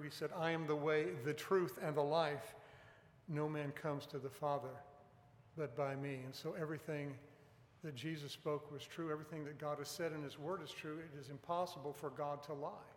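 A man's voice: fairly high pitch, a little mellow, a little hiss or hum. A man preaching a sermon in an earnest, emphatic way, pressing on key words. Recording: echoey hall with long reverb.

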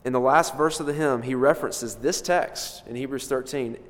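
A man preaching in a church, his voice sitting at an ordinary middle pitch. He leans on key words with sudden swells of loudness, then falls back almost to a murmur. A long hall reverb trails behind every phrase. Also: moderate pace. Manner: emphatic, swells and drops in loudness for stress. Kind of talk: expository sermon.

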